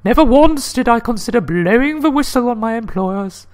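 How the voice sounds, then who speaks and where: A man voicing a nervous woman corporate executive from a video game in a high falsetto lady voice, with her fear held under composure. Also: animated, normal speed, darkish tone. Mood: grave.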